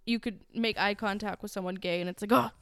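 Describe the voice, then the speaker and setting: A woman's voice: medium pitch, steady tone, fast, clean tone, no echo. A woman co-hosting a podcast, talking in a chatty, playful and sometimes sarcastic way. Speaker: podcast co-host. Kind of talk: casual podcast chat.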